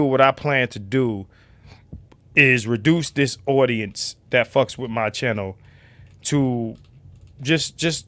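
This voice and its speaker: A man hosting a casual livestream, loud and profane, now and then dropping to a low mutter. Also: dry recording. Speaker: livestream host.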